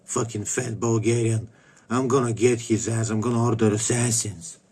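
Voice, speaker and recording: A man's voice: mid-range voice, fairly even intonation, moderate pace, a little mellow, slight background noise, close to an everyday voice. A man putting on a childish, cartoonish impression of a woman, whiny and profane. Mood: mocking whine.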